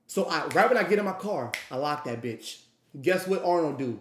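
A man's voice: a little high, animated, normal speed, reverberant, slight background noise. A man telling a wild story in a rambling, profane way, acting out what others said. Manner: profane, rambling, acts out quotes. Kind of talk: animated storytime.

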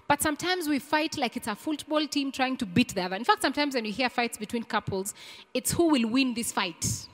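A woman's voice: sits high, expressive, fairly quick. Woman preacher from Kenya, earnest sermon that builds into fervent prayer, echoing church hall. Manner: earnest, repeats key phrases, rising to fervent prayer. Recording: long reverb in a church hall.

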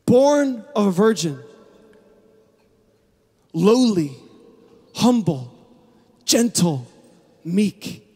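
A man preaching a sermon as pastor, building from quiet, low passages to passionate, shouted climaxes. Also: sing-song, very slow, long pauses, slightly rough. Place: large church hall. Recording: long hall reverb.

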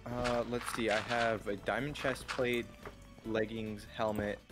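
A co-player in a casual gaming chat, thinking aloud in quick bursts and explaining things to a friend. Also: medium pitch, flat delivery, over loud music.

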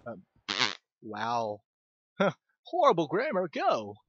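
Male game commentator, rambling and self-mocking, lively pitch, dull lo-fi mic with game music under it. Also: slow pace, breathy edge, dry recording. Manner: rambling, self-deprecating, stumbles over words. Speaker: gaming video host.

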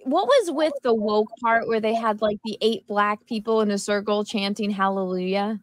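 A woman's voice: medium pitch, normal speed, no room sound, clean studio sound. A woman co-hosting a casual group chat, giggly and reading out viewer super chats.

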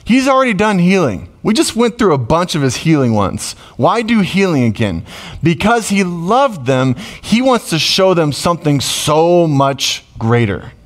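Middle-aged guy preaching, kinda high voice, chatty and emotional, gets loud sometimes. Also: sing-song, moderate pace, few pauses. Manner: emotional, conversational preaching with sudden loud rises. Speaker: pastor. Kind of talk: sermon.

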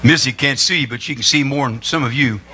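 A man preaching a humorous sermon as pastor, animated and joking, building up to excited shouting. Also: mid-range voice, brisk, a loud crowd, heavy background noise. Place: church sanctuary.

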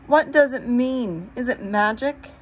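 A woman's voice: on the high side, a little slow, slight background noise, pitched above the performer's own voice, close to an everyday voice, poor audio. A woman voicing an anxious, sensible older girl in a storybook reading, with a shaky, raised voice. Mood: alarmed.

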